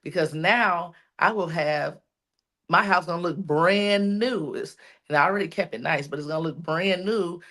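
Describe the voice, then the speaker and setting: A woman's voice: lowish voice, moderate pace, fairly bright tone. Woman giving a spirited personal testimony. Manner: repetitive, preacherly encouragement. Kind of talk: emotional testimony.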